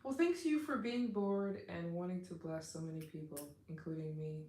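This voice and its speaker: Woman, live-stream host, effusive, excitable, lowish voice, echoey room. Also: moderate pace. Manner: effusive and excitable, heavy use of "like". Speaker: travel vlogger hosting a live stream. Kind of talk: casual live-stream chat with viewers.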